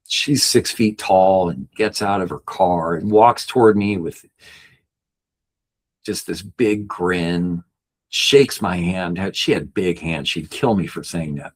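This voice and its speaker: A man's voice: deep voice, husky. A man working as a backpacking guide and coach, telling a personal story on a podcast in a rambling way, with many restarts and fillers.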